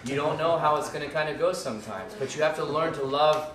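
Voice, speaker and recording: A man's voice: fairly high pitch, quick pace, a crowd in the background. A man teaching a live class in a loose, rambling way, with many restarts and fillers and jokes for the listeners. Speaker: ministry school teacher. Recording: echoey room, mic at a distance, faint background noise.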